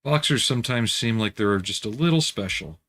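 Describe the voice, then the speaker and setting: Man, casual livestream host, relaxed and chatty, answers viewers while working, mid-pitched voice. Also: moderate pace. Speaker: livestream host building scale models.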